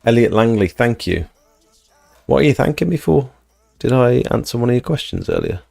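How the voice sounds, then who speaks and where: A man's voice: mid-range voice, lively intonation, moderate pace, creaky, darkish tone, dry recording, faint music behind. A man hosting a casual livestream, chatting and reading out viewer comments. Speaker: livestream host.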